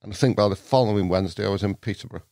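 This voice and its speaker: A man's voice: fairly low pitch, racing, vocal fry, no echo, clean studio sound. A middle-aged man with a North Staffordshire accent, telling stories as a podcast guest in casual chat, laughing often. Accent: North Staffordshire English. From England. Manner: animated storyteller, laughs often.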